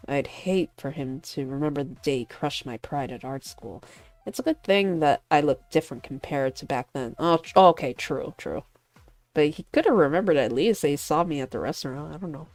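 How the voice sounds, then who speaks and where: A woman playing through a visual novel, reading the narration and adding animated, laughing commentary. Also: deep voice, dry recording. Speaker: streamer voicing a visual novel.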